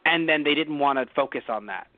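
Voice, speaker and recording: A man with a high, lively voice rants and rambles as a podcast co-host, dropping curses into nearly every sentence. The sound is thin and phone-like, with no room around it. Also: a little fast, no room sound. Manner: animated, heavy swearing, rambling asides. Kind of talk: casual podcast chat.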